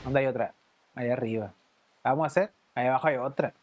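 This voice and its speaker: Male gamer, casual play-by-play, low key. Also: rapid-fire, no room sound. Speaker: streamer. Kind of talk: casual gameplay commentary.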